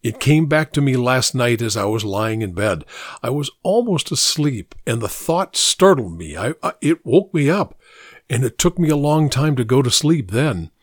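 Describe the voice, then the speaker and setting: Brief: male narrator, middle-pitched, measured reflective storytelling, dry close recording. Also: sing-song, no echo.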